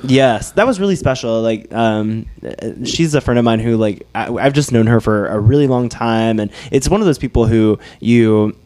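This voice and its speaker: A man co-hosting a podcast in casual chat, animated and quick to laugh, swearing freely. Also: medium pitch. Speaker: podcast co-host.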